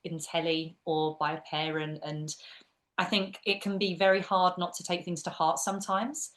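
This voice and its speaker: A woman with an Essex accent, a drama teacher giving quick, chatty answers in an interview and laughing easily. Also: on the low side, level tone, a bit bright. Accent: Essex English. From England. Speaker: guest, drama teacher and actress. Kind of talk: casual interview chat.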